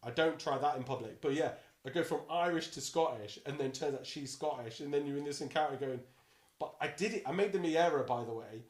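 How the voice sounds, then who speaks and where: A man with a bassy voice, a dungeon master chatting casually as a podcast guest, playful and animated, often slipping into quick character voices. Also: echoey room.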